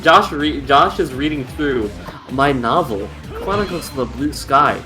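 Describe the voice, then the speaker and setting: A young adult streamer chatting casually with friends, telling a long story full of "like" and acted-out quotes. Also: male voice, a little high, lively intonation, a little slow, over music. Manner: rambling, full of "like", acts out quotes.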